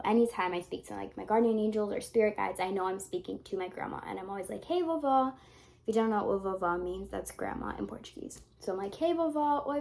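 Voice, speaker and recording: A woman's voice: medium pitch, creaky. A young woman vlogging in a rambling, casual way, swearing freely and getting emotional. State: tearful at times. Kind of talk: casual vlog talk.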